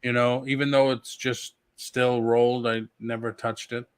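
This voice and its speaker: A man's voice: medium pitch, little pitch movement, a little slow, smooth, dry recording. A man hosting a casual talk show, cutting in with questions and laughing easily. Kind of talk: casual chat.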